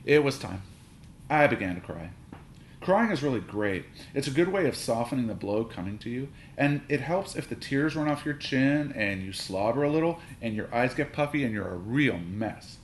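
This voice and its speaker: A man narrating a children's story aloud in an animated, playful way. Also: medium pitch, normal speed. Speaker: audiobook reader. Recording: roomy reading with faint hiss.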